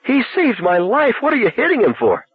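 A man voicing a panicked young woman who is choking in the snow, her voice high, strained and breathless. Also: expressive, measured pace, slightly rough, dry recording, heavily acted. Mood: frantic. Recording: tinny narrow-band recording.

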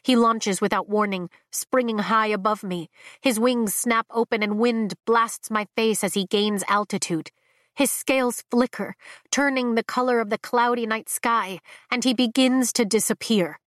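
A woman narrating a fantasy novel in the first person, with a measured, emotive reading. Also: a little high, fairly bright tone, no room sound, clean studio sound. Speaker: audiobook narrator.

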